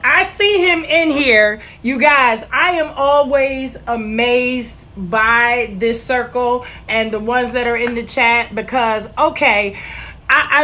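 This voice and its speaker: A woman hosting a casual video call chat, energetic and hyping people up. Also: a little high. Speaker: host.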